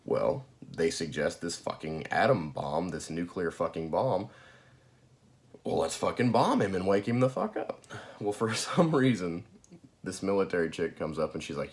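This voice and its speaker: Casual guy reviewer, low voice, profane and rambly, lots of ums. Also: animated, moderate pace. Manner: rambling and profane, with frequent fillers and laughs. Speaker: movie reviewer. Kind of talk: casual spoken movie recap.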